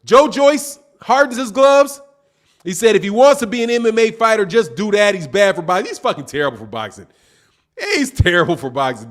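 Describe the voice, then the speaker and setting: Animated, high-voiced man laughing. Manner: loose, slangy, laughs often, calls people dog. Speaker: boxing livestream host. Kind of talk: casual livestream chat reading viewer comments.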